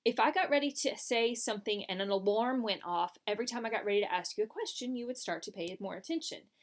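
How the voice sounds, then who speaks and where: A woman's voice: fairly high pitch, animated, quick pace. A woman teaching a French lesson, explaining patiently step by step over slides. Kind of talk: recorded classroom lesson.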